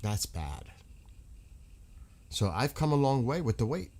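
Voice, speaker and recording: A man's voice: mid-range voice, sing-song, unhurried, a little mellow. A man hosting a casual livestream, rambling frankly and swearing freely. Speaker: livestream host.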